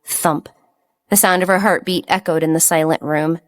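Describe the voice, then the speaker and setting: A woman narrates a romance novel in a steady, even reading voice. Her pitch sits a little low for a woman, and the pace is measured. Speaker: audiobook narrator. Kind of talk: scripted narration.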